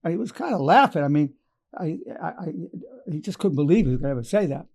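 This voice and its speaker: A man in his eighties teaches by telling stories from his practice, quoting each exchange and circling back to key lines. His voice sounds gravelly and mellow. It sits a little high for a man. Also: expressive, fairly quick. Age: 80s. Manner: retells client stories with quoted dialogue and repeated phrases. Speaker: psychologist. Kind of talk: storytelling lecture.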